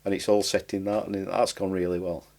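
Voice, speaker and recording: A writer and comedian from Barnsley, South Yorkshire, rambles through a casual interview as a podcast guest, using broad dialect and dropping words. His voice is low, gravelly and a little mellow, with a flat delivery and a slightly fast pace.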